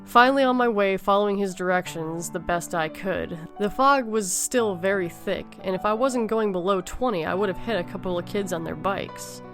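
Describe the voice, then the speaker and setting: A woman narrating a first-person horror story in a steady, measured way. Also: medium pitch. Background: soft background music.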